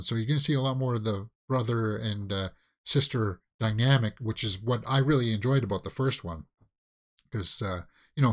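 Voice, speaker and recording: Rambling man hosting movie news. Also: mid-range voice. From Canada. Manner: rambling, many fillers and restarts, exclaims. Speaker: host of a movie news channel. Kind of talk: casual live-stream commentary.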